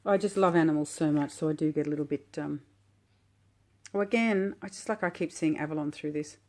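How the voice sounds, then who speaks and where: Low voiced woman on the floor at home unboxing tarot cards, gushy and slow, just loving every card. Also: darkish tone. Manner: gushing, admiring, unhurried. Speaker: tarot vlogger. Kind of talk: relaxed unboxing commentary.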